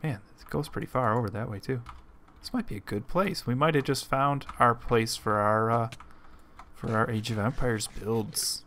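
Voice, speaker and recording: A young man with the hiccups commentating his game casually, thinking out loud with lots of ums. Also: medium pitch, moderate pace, a little hiss or hum. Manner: rambling, thinking aloud with many ums. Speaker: let's play host.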